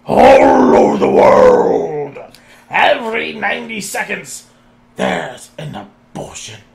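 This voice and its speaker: A man voicing a cranky old man who rants slowly and indignantly about taxes. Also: sits high, wildly swooping pitch, vocal fry, darkish tone, exaggerated voice. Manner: slow, indignant ranting.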